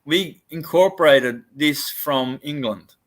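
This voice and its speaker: A man's voice: a little high, slow pace. A man with an Australian accent chatting casually, laid-back and rambling with lots of fillers. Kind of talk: casual chat.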